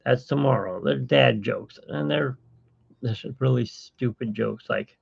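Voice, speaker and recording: Gravelly, rambling live-stream host. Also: male voice, mid-range voice, a little slow. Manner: rambling, self-mocking, corny jokes. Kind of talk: casual live-stream chat. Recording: dull lo-fi stream audio.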